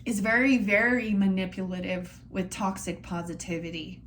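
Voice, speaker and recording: A woman's voice: mid-range voice, normal speed, a little hiss or hum. A middle-aged woman giving a casual tarot reading, blunt and frustrated, rambling and swearing freely. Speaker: tarot reader.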